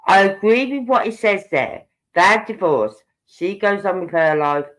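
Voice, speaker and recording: A woman's voice: medium pitch, expressive, measured pace. Brief: woman, 50s, true-crime live streamer, opinionated and indignant, roomy echo. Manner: indignant, opinionated, talks straight to viewers. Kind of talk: casual live commentary.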